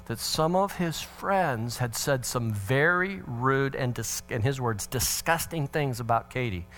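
Middle-aged guy telling funny parenting stories to a crowd, bright voice, does all the voices. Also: mid-range voice. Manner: animated, acts out family dialogue with swings of voice; humorous, sarcastic asides. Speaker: parenting seminar speaker. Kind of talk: storytelling talk to an audience.

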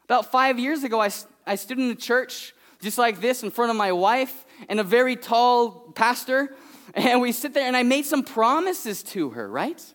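Animated man preaching a story sermon. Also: extremely high pitch, normal speed. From California. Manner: animated and conversational, acts out his toddler's voice. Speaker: guest preacher. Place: church.

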